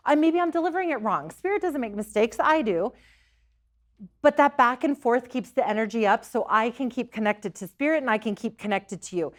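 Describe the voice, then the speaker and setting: A woman's voice: fairly high pitch, lively intonation, moderate pace. Earnest woman telling stories to a group. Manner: earnest, storytelling, repeats herself at times. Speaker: psychic medium giving a talk. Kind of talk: live talk to a local group.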